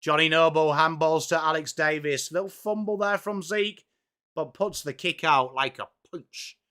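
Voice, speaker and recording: A man hosting a live football watchalong, reacting excitedly and chatting with viewers by name. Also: a little high, moderate pace, clear, resonant tone. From England. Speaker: live-stream watchalong host. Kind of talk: live sports reaction and chat.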